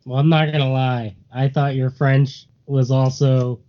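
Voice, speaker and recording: A man co-hosting a podcast in casual chat, cracking deadpan jokes. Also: mid-range voice, measured pace. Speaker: podcast co-host. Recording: muffled lo-fi audio.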